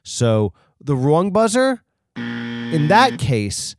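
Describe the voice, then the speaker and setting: A man's voice: medium pitch, sing-song, extremely slow, vocal fry, no echo, clean studio sound. A man hosting a comedy podcast, rambling through a bit with lots of ums and restarts. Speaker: podcast host.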